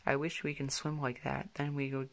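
A man voicing an excitable little monkey sidekick with a slightly raised, eager storybook voice. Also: mid-range voice, moderate pace, gravelly. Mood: excited.

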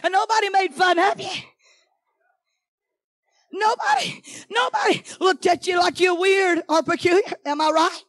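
A middle-aged woman, preaching a fiery sermon in church, shouting, chanting and throwing questions at the congregation. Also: extremely high pitch, lively intonation, moderate pace, long pauses, no echo. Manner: shouting, chanting, call-and-response asides. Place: church sanctuary.

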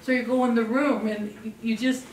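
An older woman giving a parenting talk to an audience, telling stories in an animated way and acting out children's voices. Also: on the high side, normal speed, reverberant, recorded from a distance, slight background noise. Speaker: parenting speaker.

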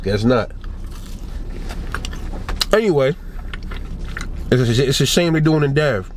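A young man ranting and telling a casual story about fighting, swearing a lot and rising in pitch when he gets riled up. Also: animated, slow, slight background noise. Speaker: boxing commentator.

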